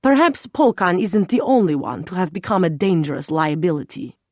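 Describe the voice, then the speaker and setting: A woman doing a gruff, menacing Russian spy chief. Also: on the low side, expressive, measured pace, darkish tone, no room sound, clean studio sound. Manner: snarling, blunt, intimidating. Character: gruff menacing male Russian intelligence officer.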